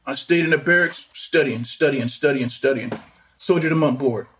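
A man's voice: medium pitch, moderate pace. A man in his sixties, an army veteran, telling a story in casual conversation and acting out the voices of the people in it. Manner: animated, acts out voices in quotes.

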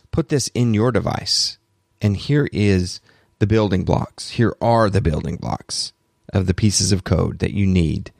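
A man hosting a solo tech podcast, talking in an excitable, rambling way and correcting himself, bothered by allergies. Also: on the low side, gravelly, no room sound, studio quality. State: allergies, throat clearing. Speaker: podcast host.

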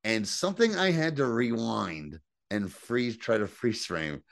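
A man's voice: lowish voice, expressive, unhurried, gravelly, a bit bright, no echo, clean studio sound. A man co-hosting a podcast, recapping a TV episode in casual, rambling chat and acting out characters' lines. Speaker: podcast co-host.

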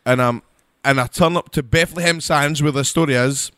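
Male co-host, tipsy storyteller, bright, dry close sound. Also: on the high side, normal speed, hardly any pauses, no room sound. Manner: rambling animated storyteller, swears freely. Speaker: podcast co-host. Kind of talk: casual drunken banter.

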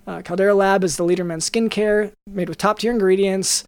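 A man's voice: high voice, steady tone, a little fast, clean tone, no echo. A man on a podcast riffing through a sponsor read in a rambling, jokey way, with many restarts. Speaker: podcast co-host reading an ad. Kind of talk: improvised comedic ad read.

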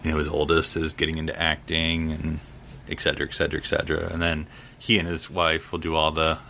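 Deep-voiced man rambling in a podcast chat. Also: completely flat delivery, fast talker, creaky, bright, forceful tone, slight background noise. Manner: rambling, lots of fillers. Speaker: podcast co-host. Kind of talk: casual chat.

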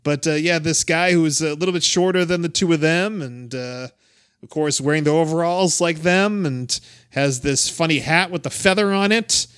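A man's voice: a little high, moderate pace, a bit bright, clean tone, dry recording, clean studio sound. A man hosting a podcast, introducing a clip and chatting casually with a co-host, often laughing. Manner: laughing, loose and conversational. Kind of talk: casual chat.

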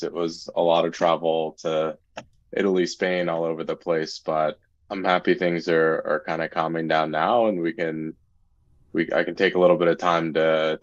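A man chatting as a guest on a group call, talking in halting, warm phrases. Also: low voice, no echo. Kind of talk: casual chat. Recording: dull lo-fi audio.

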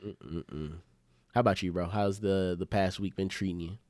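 A man's voice: deep voice, steady tone, normal speed, darkish tone, no echo, clean studio sound. A young man casually telling a funny story on a podcast, laid-back and slangy, swearing freely. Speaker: podcast co-host.

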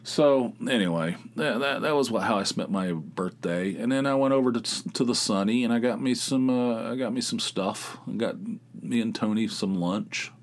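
A man's voice: mid-range voice, normal speed. A man hosting his own podcast, telling rambling everyday stories in a casual, meandering way, with plenty of filler words and casual swearing. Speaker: podcast host.

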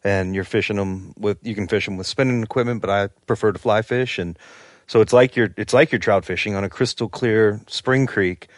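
Man, podcast guest, casual chat, eager and proud, low-pitched, dry recording. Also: a little fast, no echo. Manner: enthusiastic, boastful about his home area.

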